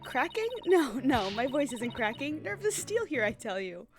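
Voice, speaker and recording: A woman's voice: a little high, lively intonation, normal speed, over music, lightly acted. Woman voicing a young lawyer faking confidence. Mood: bravado. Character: young male lawyer putting on a brave face.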